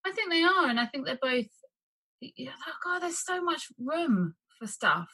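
A woman's voice: sits high, very animated, normal speed, sharp tone, no echo, low-quality recording. A woman, an actress, chatting casually, laughing often and acting out little quotes as she tells stories. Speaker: actress guest. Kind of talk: casual chat.

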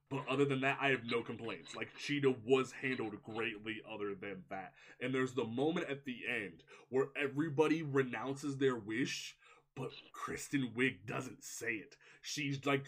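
A young man co-hosting a casual movie review podcast, rambling and animated with lots of filler words. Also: mid-range voice. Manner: rambling, heavy use of "like", animated. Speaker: podcast co-host.

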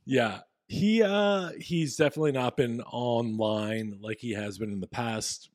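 A man's voice: mid-range voice, unhurried, a little mellow, no echo, studio quality. A man co-hosting a podcast, talking casually and rambling through his points. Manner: rambling with fillers and restarts. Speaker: podcast co-host. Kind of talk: casual chat.

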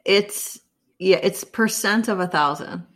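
A woman's voice: medium pitch, slow, fairly bright tone. A woman co-hosting a casual chat, sharing trivia from her research and joking. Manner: chatty, shares trivia from research, jokes. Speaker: podcast co-host.

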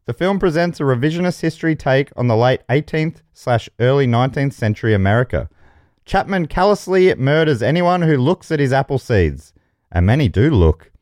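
Lively jokey male game show host. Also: mid-range voice, brisk, no echo, studio quality. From Australia. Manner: jokey, chuckles mid-sentence. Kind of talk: comedy podcast banter, reading quiz options.

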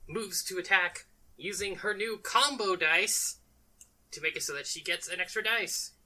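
A woman narrating a tabletop role-playing game as game master, playful and quick to laugh. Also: fairly low pitch, bright, forceful tone, rough recording. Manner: playful, laughs often, slips into quick character voices.

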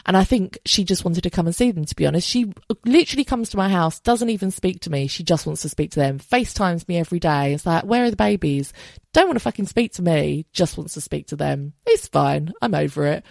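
A woman's voice: on the low side, animated, fast, vocal fry, a little mellow, dry recording. An English woman in her thirties hosting a solo podcast, talking candidly and chattily and swearing freely. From England. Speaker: podcast host. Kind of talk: casual solo podcast monologue.

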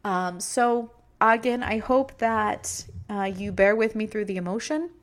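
A woman's voice: medium pitch, a little slow. Middle-aged woman, podcast host, heartfelt and emotional solo talk, mid-range voice. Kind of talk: personal monologue podcast.

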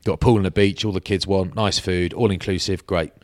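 British man, low voice, dry close sound. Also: brisk, no echo. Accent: British English. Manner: laddish banter, lively anecdotes with acted quotes. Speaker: podcast co-host. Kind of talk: casual chat, storytelling.

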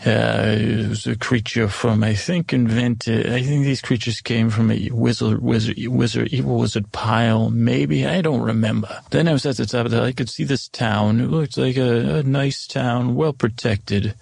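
A man's voice: medium pitch, fairly even intonation, moderate pace, vocal fry, few pauses, darkish tone, slightly rough, no echo. A man playing a fantasy adventurer in an improvised comedy podcast, who keeps drifting off the point and restarting sentences. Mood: rambling. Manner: digressive, loses the thread, many restarts. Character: rambling, easily sidetracked fantasy adventurer recounting a quest. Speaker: improv performer. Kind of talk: improvised comedic storytelling in character.

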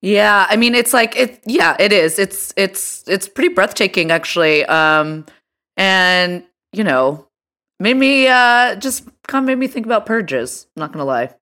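A woman's voice: mid-range voice, lively intonation, a little slow, bright, forceful tone. A woman co-hosting a podcast, chatting casually with lots of fillers and easy laughs. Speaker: podcast co-host.

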